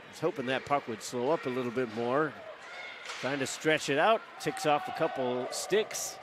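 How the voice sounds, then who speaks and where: A man calling live hockey play-by-play as the game's announcer, brisk and rising to shouts on big plays. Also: mid-range voice, noisy background. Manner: brisk, running call of the action that climbs to shouts.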